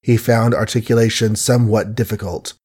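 A man narrating an audiobook in a measured storytelling manner. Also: on the low side, steady tone, darkish tone, breathy edge.

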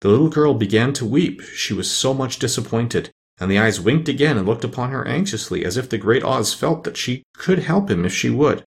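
A man's voice: mid-range voice, animated, a little fast, creaky, few pauses. A man reading a storybook aloud, narrating expressively.

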